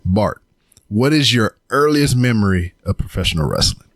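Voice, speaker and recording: Laid-back low-voiced male podcast host. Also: very animated, normal speed, no echo, clean studio sound. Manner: laid-back, loose, filler-heavy. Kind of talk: casual podcast chat.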